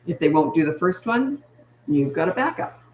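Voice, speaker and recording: An older woman with a lowish voice talks chatty and emphatic, answering viewers' questions as a parenting coach on a live stream and hammering her main points home. The room around her gives a clear echo. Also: big pitch swings, moderate pace, slight background noise.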